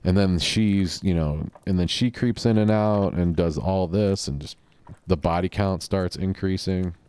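A man's voice: low-pitched, measured pace, darkish tone, clean tone, no echo. A man hosting a solo podcast, talking in a rambling, offhand and profane way. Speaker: podcast host. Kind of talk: casual solo podcast chat.

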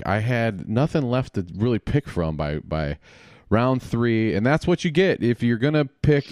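A man's voice: fairly low pitch, darkish tone, dry recording, clean studio sound. A man hosting a podcast, chatting casually and joking with his guest. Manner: jokey, chatty. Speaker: podcast host.

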